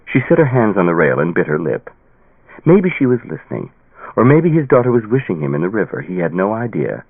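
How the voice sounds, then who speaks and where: A man narrating a fantasy audiobook in a measured, expressive reading. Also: on the low side, creaky, husky, dry recording. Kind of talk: scripted narration. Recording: tinny phone-like dry sound.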